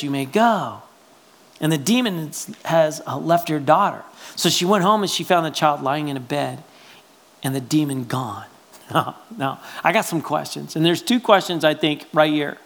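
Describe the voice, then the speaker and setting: A male pastor delivering a sermon in a chatty, animated style. He keeps checking in with his listeners through quick asides. His delivery jumps between loud exclamations and hushed remarks. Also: fairly high pitch. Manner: conversational, animated preaching with frequent "right?" asides.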